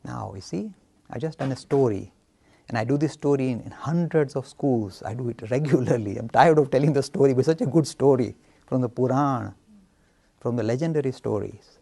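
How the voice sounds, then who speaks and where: A man giving a storytelling lecture on Hinduism with an animated delivery, acting out voices as he speaks. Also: medium pitch, moderate pace, creaky, husky. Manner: animated, acts out voices, chuckles.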